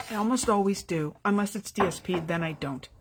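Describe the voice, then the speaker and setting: A woman's voice: medium pitch, a little hiss or hum. Chatty woman demonstrating card-making. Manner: chatty, fast-talking, apologetic asides. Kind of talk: live crafting tutorial. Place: home craft room.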